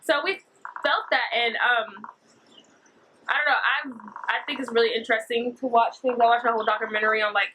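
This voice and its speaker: Young woman, bright voice, high-ish pitch, rambling story, faint background noise. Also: steady tone, brisk, long pauses, low-quality recording. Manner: rambling, filler-heavy storytelling. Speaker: vlogger. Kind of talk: story-time vlog.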